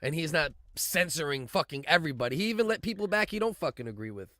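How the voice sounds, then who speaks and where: A man's voice: on the high side, fast talker, dry recording, clean studio sound. A man co-hosting a podcast, trading crude, mocking jokes and rants in casual banter. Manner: profane, animated, mocking. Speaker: podcast co-host.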